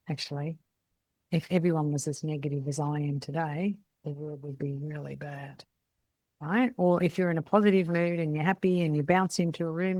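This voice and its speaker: A woman's voice: on the low side, darkish tone, dry recording. A middle-aged woman, coaching salon owners in a blunt, chatty way and often tagging her points with "right?". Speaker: salon business mentor. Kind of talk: casual coaching talk.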